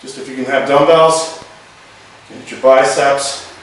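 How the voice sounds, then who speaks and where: A man's voice: mid-range voice, little pitch movement, unhurried, a bit bright. A man over forty demonstrating home exercises, chatty and slightly out of breath as he moves, recorded in an echoey room. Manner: loose and chatty, with restarts. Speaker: fitness instructor. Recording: very echoey, distant camera audio.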